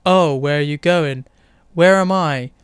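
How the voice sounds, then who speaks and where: A man mimicking a dull, confused teenage boy who asks flat, monotone questions. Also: fairly high pitch, measured pace, smooth, no room sound, studio quality, natural voice. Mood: droning. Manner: flat, droning delivery.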